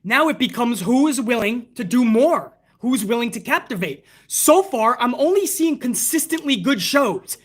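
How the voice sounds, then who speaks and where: A man's voice: extremely high pitch, expressive, moderate pace, few pauses. A man hosting a casual wrestling livestream from the United States, ranting in a profane, heated, rambling way and reading out donations. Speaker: wrestling podcast host.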